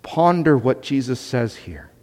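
A man's voice: mid-range voice, sing-song, unhurried, warm tone, big-room sound. A man preaching a sermon as pastor, emphatic and conversational, with asides to the congregation.

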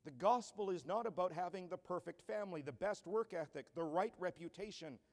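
A man's voice: high-pitched, a little fast. A man pastor preaching a sermon in an earnest style that builds to emphatic declarations. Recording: long church hall reverb.

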